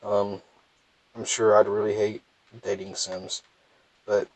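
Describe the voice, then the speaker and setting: A man's voice: fairly low pitch, completely flat delivery, slow pace, no echo, rough recording. A young man with a thick Southern US accent, rambling and self-deprecating as he comments casually on his gameplay. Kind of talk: casual let's play commentary.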